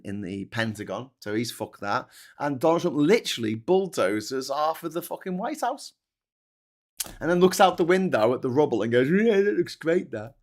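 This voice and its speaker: A man hosting a show, giving casual, sardonic political commentary with swearing and mock-incredulous asides. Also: mid-range voice. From Britain. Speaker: show host.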